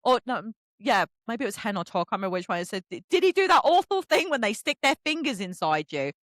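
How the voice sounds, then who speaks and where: An English woman hosting a casual book podcast, animated and profane, often laughing as she talks. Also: a little high, fast talker, dry recording. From England. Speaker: podcast host and book influencer. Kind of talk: casual chat.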